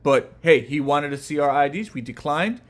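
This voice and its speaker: A man's voice: a little high, lively intonation, normal speed, fairly bright tone. A man talking casually and reading scripture verses aloud with rising emphasis. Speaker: scripture reader.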